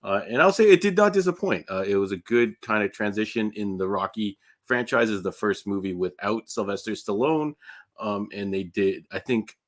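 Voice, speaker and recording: A man co-hosting a casual live podcast, talking in a relaxed, joking, rambling way. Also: on the low side, moderate pace. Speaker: podcast co-host. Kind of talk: casual chat.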